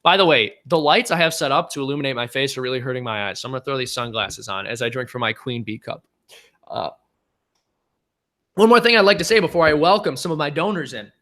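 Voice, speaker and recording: A man's voice: mid-range voice, quick pace, pushed and bright. A young man hosting a livestream Q&A, chatting in an upbeat way with frequent fillers. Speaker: channel host and animator. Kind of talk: livestream Q&A chat.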